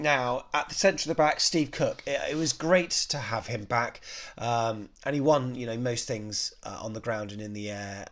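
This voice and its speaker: A man talking through a football match and scoring each player, in a relaxed, off-the-cuff review. His voice sits at an ordinary middle pitch, and his talk is loose, full of fillers, and often stops to correct itself. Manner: rambling, many ums and you-knows, self-correcting. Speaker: football fan channel host.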